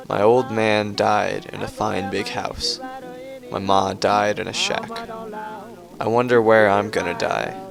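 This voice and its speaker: A man reading a poem aloud in a measured, flat recitation over guitar music. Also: fairly low pitch, vocal fry. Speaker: poem reader.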